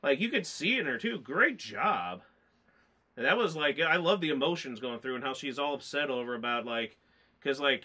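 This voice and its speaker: Bright-voiced man rambling about a movie. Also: mid-range voice, normal speed. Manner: rambling and excited, with frequent laughs. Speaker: movie review co-host. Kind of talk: casual movie review chat.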